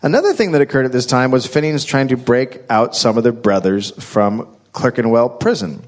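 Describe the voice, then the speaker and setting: Brief: male comic storyteller, mid-pitched, dry and wry, reading history to a live crowd. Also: normal speed. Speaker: host and storyteller. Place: live stage before an audience.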